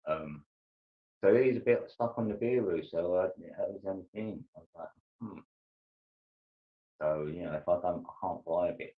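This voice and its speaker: A man talks casually on a livestream, drifting from thought to thought. His voice sits fairly low. The stream audio sounds dull and lo-fi. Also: brisk. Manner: rambling, loose and meandering. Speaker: livestream host. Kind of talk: casual chat.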